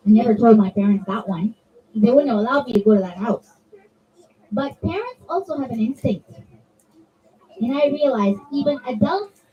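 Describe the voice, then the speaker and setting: A woman's voice: sits high, dark tone. A woman giving a conversational religious talk at a children's gathering, chatting with the kids and asking them questions. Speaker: zakira addressing a children's majlis. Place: community center hall. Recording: distant, dull mic with faint room ambience.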